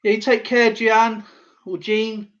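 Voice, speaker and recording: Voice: medium pitch, little pitch movement, takes it slowly. A host chatting casually to viewers on a live stream while showing a coin collection, rambling and talking straight to the audience. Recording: dull lo-fi sound.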